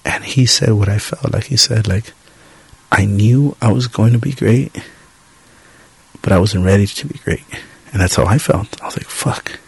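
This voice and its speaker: A young man speaks in a low, husky voice, a loose, profane ramble full of self-doubt and swearing. He talks straight into a close mic in a dry room. Gravelly fry runs through his lines. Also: moderate pace, pauses often, no echo. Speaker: podcast host. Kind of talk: casual solo podcast monologue.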